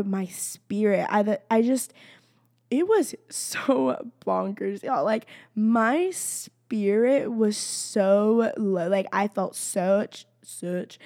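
A woman's voice: mid-range voice, a little mellow, no echo. Chatty young woman, dry sound. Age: young adult. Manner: chatty, many "like" and "y'all" fillers. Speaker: college student sharing faith. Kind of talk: casual faith testimony to camera.

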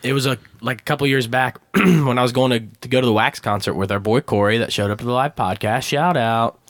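Male podcast co-host, excited swearing storyteller, dry close mic. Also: mid-range voice, brisk, no room sound. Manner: animated, profane storytelling, rising excitement. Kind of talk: casual storytelling chat.

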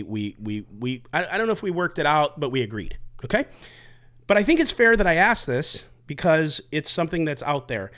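A middle-aged man hosts a casual podcast with a voice pitched a little high for a man. He jokes, swears freely and winds through long preambles before he gets to a question. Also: a bit bright. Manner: joking, profane, long rambling preambles. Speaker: podcast host.

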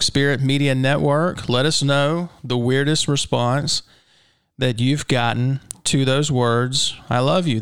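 A man's voice: medium pitch, clear, resonant tone, no room sound, clean studio sound. A man hosting a podcast in a casual, comic way, reading odd news and stories and laughing through rhetorical asides. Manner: chuckling, jokey, rhetorical asides. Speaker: podcast host.

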